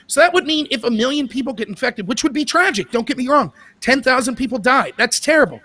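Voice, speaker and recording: A man's voice: very high-pitched, expressive, fast, pushed and bright. A man giving political commentary as a guest, arguing his case with rhetorical questions. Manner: argumentative, asks rhetorical questions.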